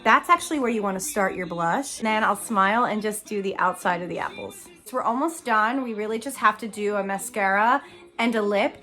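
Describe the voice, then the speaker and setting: A young woman, a Broadway actress, chats her way through a makeup tutorial with faint music playing behind her. Her medium-pitched voice is brisk, pushed and bright, and she's giggly and self-deprecating throughout.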